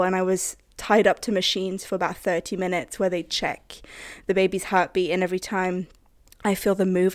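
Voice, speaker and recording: A pregnant woman with a slightly low voice chats on a podcast. She talks freely and pokes fun at herself, and she acts out her own anxious thoughts in quick bursts. The recording is close and dry, with no room sound. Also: darkish tone, no echo. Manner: chatty, self-deprecating, quotes herself in a rush. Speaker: podcast co-host. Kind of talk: casual chat.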